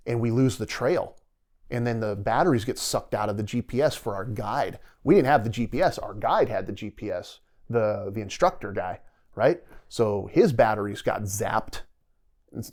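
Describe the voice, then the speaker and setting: A man's voice: lowish voice, darkish tone. A middle-aged man, a podcast guest and retired soldier, telling stories in a rambling, vivid way and often quoting his own thoughts aloud. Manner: rambling, vivid retelling with quoted inner dialogue. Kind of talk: casual storytelling interview.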